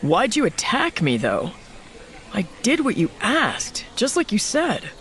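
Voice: medium pitch, huge pitch swings, a little slow, a bit bright, voice pushed up. A narrator voicing an earnest, nervous young male spy. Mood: aggrieved. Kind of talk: audiobook character voice.

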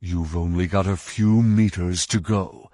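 A man's voice: low voice, steady tone, measured pace, mellow, dry recording, studio quality. A man reading an audiobook voices a tense young man urging someone on, firm and pressing.

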